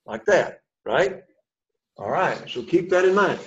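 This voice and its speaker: A man's voice: fairly high pitch, sing-song, unhurried, fairly bright tone. A man teaching a classroom lesson, explaining step by step, quizzing the class and encouraging them. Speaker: Greek teacher. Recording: dull lo-fi sound.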